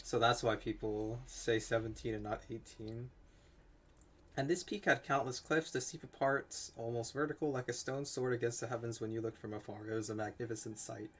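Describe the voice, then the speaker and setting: A man voicing a boatman who calmly recounts old legends, read from a game. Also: mid-range voice, normal speed, close to an everyday voice. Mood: wistful.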